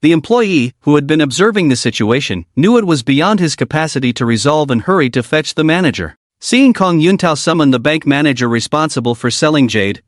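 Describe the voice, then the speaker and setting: A man reading a scripted story recap in a steady storytelling manner. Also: on the high side, no room sound, clean studio sound. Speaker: recap narrator.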